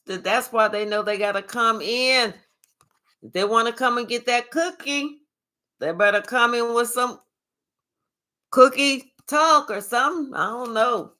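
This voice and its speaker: A woman doing a live tarot reading, talking in a sassy, profane, animated way and chatting with her viewers. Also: fairly high pitch, a little slow. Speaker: tarot reader.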